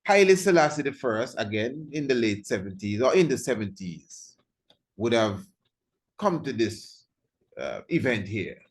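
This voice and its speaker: A man's voice: mid-range voice, big pitch swings, a little slow, breathy edge. A man giving an informal history lecture, emphatic and repetitive, firing rhetorical questions at his listeners and chuckling at his own remarks.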